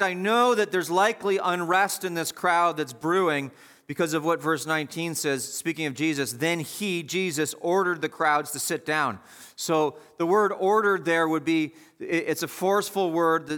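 A man's voice: a little high, pushed and bright, clean tone. A man preaching a sermon in a conversational, emphatic way, asking the listeners questions.

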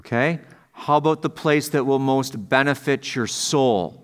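A man's voice: medium pitch, measured pace, smooth. Man preaching in a chatty way. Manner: conversational preaching, asks the congregation questions. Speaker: pastor. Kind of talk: sermon.

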